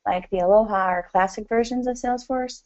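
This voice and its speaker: A woman chats as an interview guest, rambling and friendly, scattering "you know" through her sentences and laughing easily. Her voice sits at an ordinary middle pitch. The audio is a bit dull and lo-fi. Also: brisk, a little mellow. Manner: chatty, rambling, many "you know" fillers, laughs often. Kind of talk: casual conversational interview.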